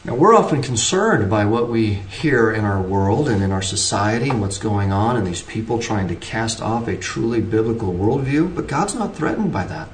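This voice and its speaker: A man's voice: fairly low pitch, expressive, moderate pace, few pauses, a little hiss or hum. A man preaching an earnest sermon, pressing his points with shifting emphasis and frequent restarts. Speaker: pastor. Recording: roomy, distant from the mic.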